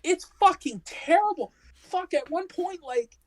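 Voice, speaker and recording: A woman's voice: extremely high pitch, animated, measured pace, poor audio. A woman co-hosting a casual wrestling discussion stream, ranting with heavy swearing and exasperation. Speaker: podcast co-host.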